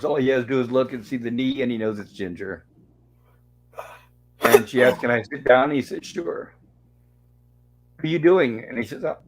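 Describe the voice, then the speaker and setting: The host, a man with a medium-pitched voice, runs a casual online show where he recaps an old sitcom episode, chatting along and reading the characters' lines aloud. It's poor-quality audio.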